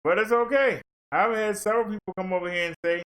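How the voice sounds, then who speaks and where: A man's voice: sits high, quick pace, few pauses, bright, forceful tone. A man ranting on a livestream in a fervent, blunt, preachy way. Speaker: livestream commentator.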